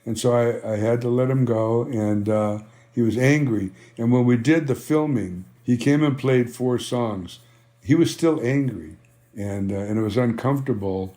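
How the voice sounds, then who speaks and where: A man's voice: medium pitch, normal speed, warm tone. An older man telling stories as an interview guest, rambling and filling with "you know" as he acts out old conversations. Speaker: interview guest, band founder. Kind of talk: conversational storytelling.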